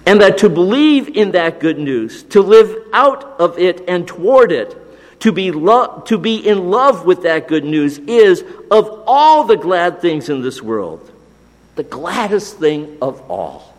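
A man preaching a sermon, slow and deliberate, dropping to a hush on key phrases. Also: fairly high pitch, sing-song. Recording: long hall reverb.

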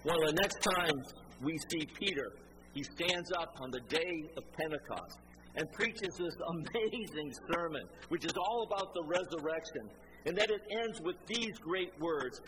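A man's voice: a little high, measured pace. A man preaching a sermon, retelling a story and acting out the quoted dialogue. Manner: animated, acts out quoted dialogue. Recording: noisy ambience behind voice.

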